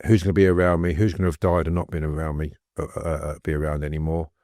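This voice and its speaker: Deep-voiced guy telling long rambling stories on a podcast, dry close mic. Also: level tone, fast talker, a little mellow, no echo. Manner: rambling, anecdotal, laughs while telling stories. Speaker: guest. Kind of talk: casual storytelling interview.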